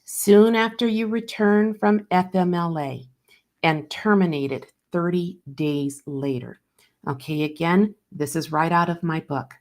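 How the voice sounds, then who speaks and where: A woman host and author who talks in a direct, animated way, interviews a guest and reads from her own book. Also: on the low side, measured pace.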